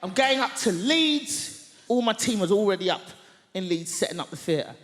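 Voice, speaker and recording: A woman stand-up comedian telling a story on a large theatre stage, loud and theatrical. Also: mid-range voice, big pitch swings, normal speed. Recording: echoey theatre hall, faint noise.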